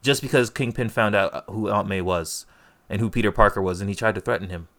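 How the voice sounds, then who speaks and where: Lower-voiced young man, punchy storytelling. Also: fast, a bit bright. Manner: emphatic, punchy storytelling with slang. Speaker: movie discussion co-host. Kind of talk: casual chat.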